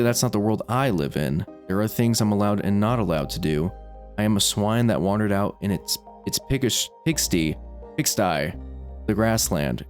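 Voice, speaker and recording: A man reading a visual novel's first-person narration aloud as a let's play host, with small stumbles. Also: deep voice.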